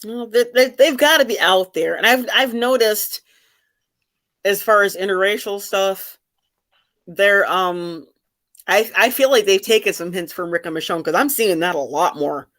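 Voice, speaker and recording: A middle-aged woman hosting a casual video chat with fans, talking in an animated way with many restarts. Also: mid-range voice, measured pace. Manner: chatty, animated, frequent restarts. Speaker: host of fan discussion chat.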